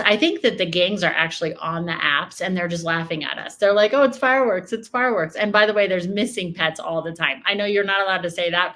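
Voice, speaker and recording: An American woman from the United States delivers emotional, emphatic political reaction commentary from home, frequently repeating her points. Her voice is fairly low in pitch, with a bright, forceful tone.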